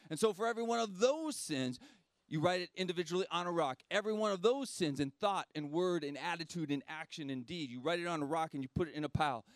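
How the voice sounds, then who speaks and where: High-voiced man preaching a conversational sermon. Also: no room sound. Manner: conversational preaching, direct address, repeats phrases, says "man"; drops low and slow for solemn moments. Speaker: pastor.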